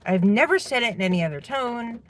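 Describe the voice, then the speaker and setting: A woman's voice: fairly high pitch, lively intonation, fairly quick. A middle-aged woman venting indignantly as she tells a personal story about her household. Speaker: parent telling a personal story. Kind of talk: personal vlog monologue.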